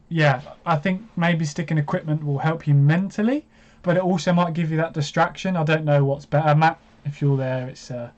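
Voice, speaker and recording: A man's voice: on the high side, a little mellow. A man of twenty-five chatting casually as host of a live stream, laughing often and poking fun at himself. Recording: dull lo-fi stream audio.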